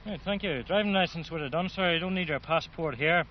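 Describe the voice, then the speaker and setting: A brisk, courteous checkpoint official , played by a man, with a high voice. An engine idles loudly behind him on a dull recording. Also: a little hiss or hum, lightly acted.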